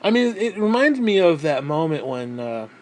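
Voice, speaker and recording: A high-voiced man rants into the camera, short of breath, swearing constantly as he vents bitterly. His pitch sits well above most men's. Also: big pitch swings, moderate pace. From New York State. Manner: profane, bitter ranting. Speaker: vlogger. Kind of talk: ranting vlog monologue.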